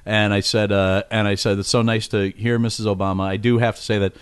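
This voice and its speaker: A man's voice: lowish voice, little pitch movement, a little fast, clean tone, dry recording. A man, a comedy writer guesting on a podcast, telling a rambling story with lots of fillers and restarts. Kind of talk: casual anecdote on a podcast.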